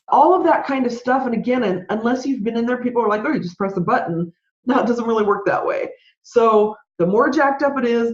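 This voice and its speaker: Female podcast host, fast conversational rant, muffled roomy recording. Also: on the high side. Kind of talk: solo podcast advice. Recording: roomy, dull lo-fi sound.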